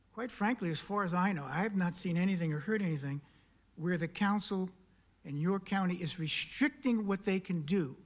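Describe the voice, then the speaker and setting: A man speaking at a county council meeting, making an emphatic public comment full of pointed questions and repeated key words. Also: sits high. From South Carolina. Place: council chamber.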